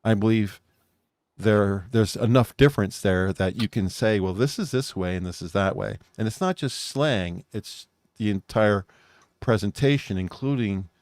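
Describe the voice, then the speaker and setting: A man with an American accent co-hosts a loose online talk show. His voice sits low, and he tends to ramble and circle back on his points. The recording is dry and close, with no room echo. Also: normal speed, a little mellow. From United States. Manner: rambling, restarts mid-thought. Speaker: co-host. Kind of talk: casual podcast chat.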